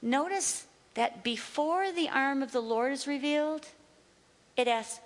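A woman's voice: high-pitched, measured pace. Emphatic woman teaching in a reverberant hall. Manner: emphatic, repeats key phrases. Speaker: Bible teacher. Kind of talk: sermon-style teaching.

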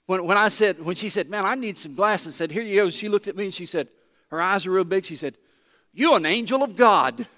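A man's voice: high voice, a bit bright. A man preaching a sermon as pastor, telling a personal story in an earnest way that rises to emphatic peaks. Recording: long reverb of a large hall.

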